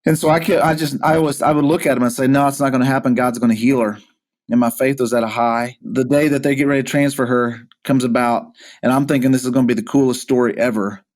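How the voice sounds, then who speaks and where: A man's voice: medium pitch, fairly even intonation, quick pace. A male pastor from Missouri, a podcast guest, earnestly telling his own life story with frequent restarts and repeated words. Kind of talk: personal testimony in a podcast interview.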